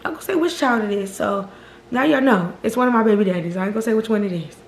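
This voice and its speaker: A female storytime vlogger races through a casual, profane story for her viewers, animated and constantly calling them "y'all." Her mid-range voice echoes in a reverberant room with a little hiss or hum.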